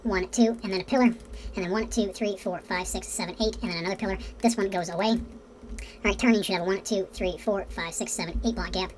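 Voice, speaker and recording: A woman's voice: mid-range voice, fairly even intonation, fast talker, slight background noise. A woman narrating a casual building tutorial, counting blocks aloud to viewers and swearing under her breath when pieces don't line up. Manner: addresses viewers directly. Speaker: game building tutorial host.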